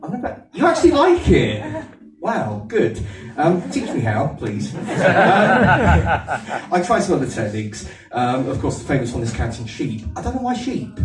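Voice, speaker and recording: Stand-up man, Aldershot accent, a little higher than most and very lively, self-mocking and chatty with the crowd, getting over a cold; heard from far off in an echoey room. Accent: Aldershot English. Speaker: stand-up comedian. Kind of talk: stand-up comedy set. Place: comedy venue with a live audience. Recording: echoey room, distant mic, audience laughter.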